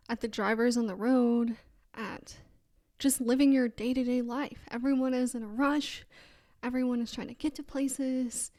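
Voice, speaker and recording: A woman's voice: a little high, a little mellow, no room sound. A young adult woman hosting a casual faith podcast, telling a story in a chatty way and quoting other voices. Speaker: podcast host.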